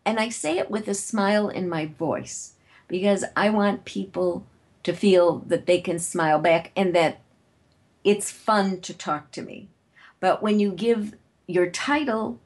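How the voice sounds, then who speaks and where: Confident woman giving networking advice. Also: lowish voice. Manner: confident, brisk, lively teaching tone. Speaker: guest, networking author and speaker. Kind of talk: interview answer, advice.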